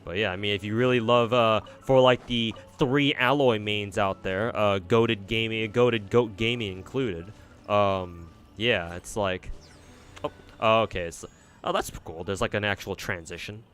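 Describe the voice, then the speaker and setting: Male streamer with a fairly low voice; loose, sweary, rambling gameplay chatter. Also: fairly even intonation, unhurried, fairly bright tone, faint music behind. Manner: rambling, profane, frequent fillers and restarts. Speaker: game streamer. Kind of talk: casual gameplay commentary.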